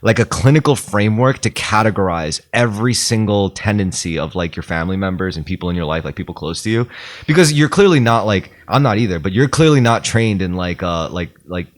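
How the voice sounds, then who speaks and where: Man, podcast co-host, casual chat, lowish voice, loose and searching. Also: animated, fairly quick. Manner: loose, searching for words, many fillers and swears.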